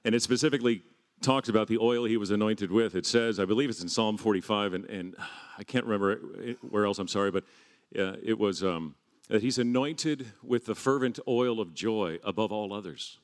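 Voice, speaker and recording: A man's voice: lowish voice, a little fast. A man preaching a sermon in a jovial teaching tone, often laughing as he goes.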